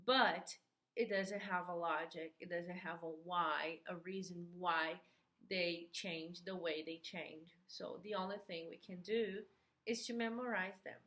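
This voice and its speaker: A woman teaching an English grammar lesson, slow and patient, repeating key words, a native Portuguese speaker. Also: fairly low pitch, steady tone, fairly bright tone, roomy sound.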